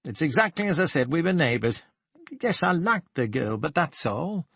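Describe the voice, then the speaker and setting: A man's voice: mid-range voice, big pitch swings, unhurried, vocal fry, fairly bright tone, husky, no echo, full character voice. A man voicing a nervous older shop manager who hesitates, fumbles, then turns indignant under questioning.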